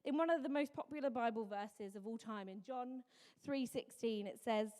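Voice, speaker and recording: A woman with a high, bright voice preaches in a church hall, her words trailing off in a long reverb. She tells stories in a lively, animated way and acts out the other people's voices. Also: normal speed. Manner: animated storytelling with mimicked voices and laughs. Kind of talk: Mother's Day sermon.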